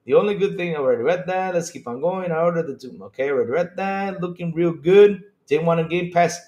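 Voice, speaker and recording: A man hosting a live gaming stream, talking excitedly with his viewers and reading their chat, repeating himself and laughing often. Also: on the high side, fairly quick, few pauses.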